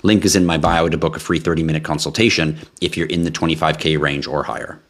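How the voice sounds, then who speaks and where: A tired man hosting a casual live question-and-answer stream, reading viewer questions aloud and answering them in a relaxed, chatty way. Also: a bass voice, quick pace. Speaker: livestream host answering crypto questions.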